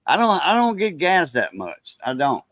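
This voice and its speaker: A man's voice: a little high, huge pitch swings, moderate pace, fairly bright tone, slight background noise. A man in easygoing, casual chat, talking fondly about cooking.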